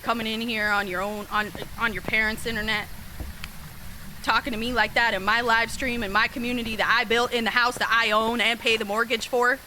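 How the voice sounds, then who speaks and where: A woman streaming a horror game, chatting casually with viewers, sassy and swearing freely, with sudden excited yelps. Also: fairly high pitch, a little fast, slight background noise, low-quality recording. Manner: bursts into excited yelps during scares. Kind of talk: casual live-stream chat over gameplay.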